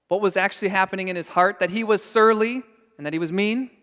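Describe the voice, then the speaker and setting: A man's voice: high voice, fast talker, fairly bright tone, clean tone, big-room sound. A man preaching a sermon as pastor, earnest and emphatic. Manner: earnest and emphatic, acting out scenes. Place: church sanctuary.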